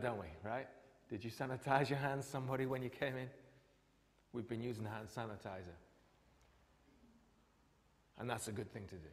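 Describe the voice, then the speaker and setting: A man preaching a sermon as pastor, swinging from loud, emphatic lines to hushed whispers. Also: on the low side, slight background noise. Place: church. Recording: long hall reverb.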